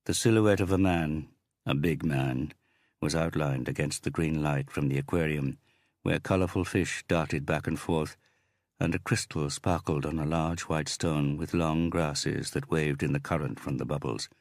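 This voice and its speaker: Very deep, gravelly male narrator. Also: normal speed, no echo, clean studio sound. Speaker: audiobook narrator. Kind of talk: scripted audiobook narration.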